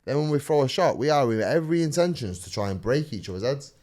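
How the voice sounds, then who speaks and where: A man who fights bare-knuckle, talking in a casual interview, swearing freely and telling animated stories in which he acts out what people said. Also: mid-range voice, fast talker.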